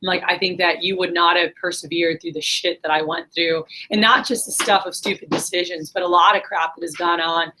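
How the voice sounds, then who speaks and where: A woman's voice: lowish voice, steady tone, brisk, hardly any pauses, pushed and bright, a little hiss or hum, poor audio. A middle-aged woman talking casually and earnestly to her viewers, rambling with many fillers and pep-talk asides. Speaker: vlogger, business manager.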